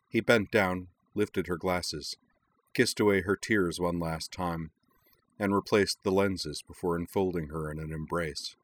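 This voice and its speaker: Deep-voiced man reading a story. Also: fairly even intonation, measured pace. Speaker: narrator. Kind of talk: audiobook reading of fan fiction.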